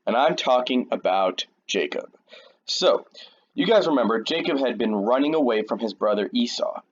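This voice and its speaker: A man's voice: medium pitch, expressive, normal speed, slightly rough, lo-fi sound. A man casually retelling a Bible story in a slangy, jokey, conversational way to a young audience. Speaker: youth storyteller.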